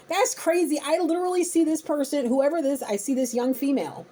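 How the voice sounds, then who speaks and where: A woman's voice: high voice, fairly quick, hardly any pauses, warm tone, a little hiss or hum. A woman giving a spiritual reading to her viewers, blunt, emphatic and casually profane. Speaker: intuitive reader.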